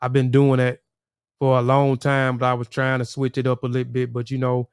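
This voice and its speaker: A man's voice: medium pitch, monotone, a little fast, smooth, no echo, clean studio sound. A man hosting a casual livestream, rambling, repeating words and talking to viewers in the chat. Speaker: livestream host.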